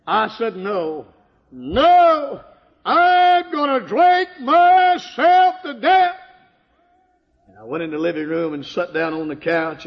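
An older man giving a fervent sermon testimony, swinging from hushed tones to loud outbursts. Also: fairly high pitch. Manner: impassioned, swings from hushed to shouting. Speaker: preacher giving his testimony. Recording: dull lo-fi recording in a reverberant hall.

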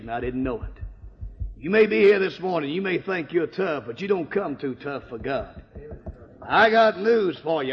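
A man's voice: fairly high pitch, gravelly. A man preaching his life testimony in a church, telling it with strong emotion and quoting dialogue. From Michigan. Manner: emotional storytelling, rising to cries at peaks. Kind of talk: sermon testimony. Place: church sanctuary. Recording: dull lo-fi sound in a reverberant hall.

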